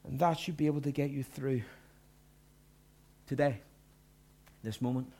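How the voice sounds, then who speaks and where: A middle-aged male pastor giving a sermon, earnest, dropping to hushed lines and rising to loud emphatic bursts. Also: medium pitch, steady tone, unhurried.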